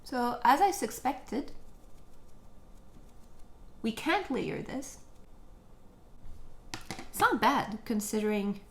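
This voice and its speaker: Gravelly-voiced woman chatting casually. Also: mid-range voice, slight background noise. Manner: chatty, joking, animated retelling. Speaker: beauty vlogger. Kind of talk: casual makeup chat and storytelling. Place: at home, living room.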